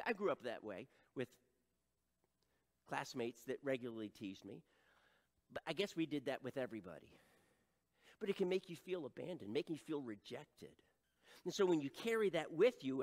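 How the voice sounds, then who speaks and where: Middle-aged man, pastor, lively high-pitched sermon voice, long reverb of a hall. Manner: animated preaching, acts out voices, self-deprecating asides.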